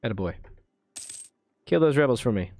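A man's voice: mid-range voice, expressive, normal speed, vocal fry, a little mellow. A man hosting a strategy game video, commentating casually, joking, and talking to his units as he plays. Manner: playful, muttering, talks to units in game. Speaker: gaming video host. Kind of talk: let's play commentary.

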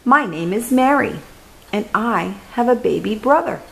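A woman voicing a small, polite little girl who speaks softly in a read-aloud storybook. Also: a little high, animated, a little slow, vocal fry, pitched above the performer's own voice, low-quality recording. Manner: soft and polite.

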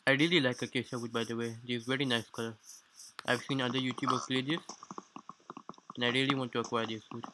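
A man's voice: mid-range voice, little pitch movement, quick pace, pushed and bright, a little hiss or hum, rough recording. A man with a non-native English accent gives a let's-play commentary on a game, explaining things in formal, slightly stilted phrasing. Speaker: gaming YouTuber. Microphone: low-quality home mic.

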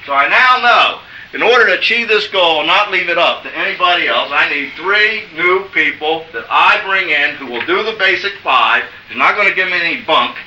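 A man's voice: a little high, lively intonation, moderate pace, bright, forceful tone, a little hiss or hum. A man giving a motivational business seminar, emphatic and coaxing, often checking in with his audience. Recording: echoey room from far off.

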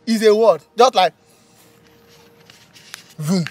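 A man with a Nigerian accent performing a comedy skit, talking boastfully and breaking into panicky shouting. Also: high-pitched, sing-song, moderate pace, pauses often, no echo, soft background music.

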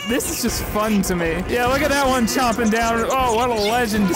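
A man's voice: very high voice, normal speed. A young man doing sarcastic gameplay commentary, swearing and talking back to characters on a headset mic. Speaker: gaming YouTuber. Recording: loud game music behind.

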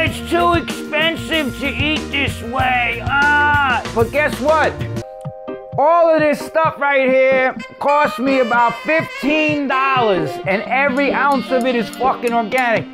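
A man hosting a casual cooking chat, talking fast with profanity and hype. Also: very high voice. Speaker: host. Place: home kitchen.

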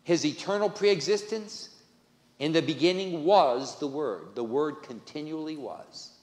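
A man's voice: fairly high pitch, a little slow. A male pastor preaching a sermon, stressing key phrases by repeating them. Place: church sanctuary. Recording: echoey church with long reverb.

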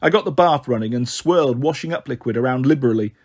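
A man narrating a children's novel in a steady first-person reading. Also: medium pitch, fast talker, breathy edge. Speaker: storyteller.

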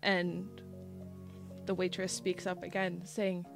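A woman narrating a tabletop role-playing game as game master, relaxed and full of fillers. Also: on the low side, slow pace, long pauses. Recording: faint background music.

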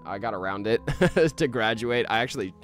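A man chatting excitedly with his viewers while streaming a game, laughing often and running polls. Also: medium pitch, moderate pace, faint music behind. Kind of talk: live gameplay stream chat.

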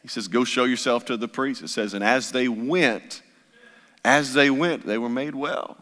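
Bright-voiced preaching pastor in a reverberant church. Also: male voice, medium pitch, normal speed. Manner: impassioned preaching with repetition. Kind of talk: sermon. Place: church sanctuary. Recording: long church hall reverb.

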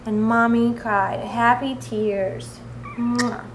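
A new mother coos to her newborn in sing-song baby talk at home. Her voice is high, and she speaks slowly. It is recorded on a handheld camcorder, with a faint hiss behind her. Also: fairly even intonation.

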